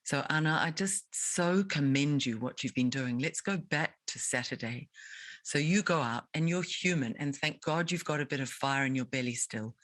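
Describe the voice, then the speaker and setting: A woman's voice: low voice, moderate pace, no echo, rough recording. Indignant New woman interviewer. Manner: indignant, rhetorical, emphatic. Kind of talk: impassioned advocacy interview.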